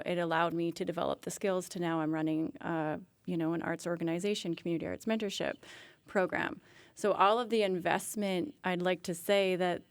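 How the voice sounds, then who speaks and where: A woman's voice: fairly low pitch, no room sound. A woman musician who runs an arts organization, speaking candidly and with animation in a panel discussion.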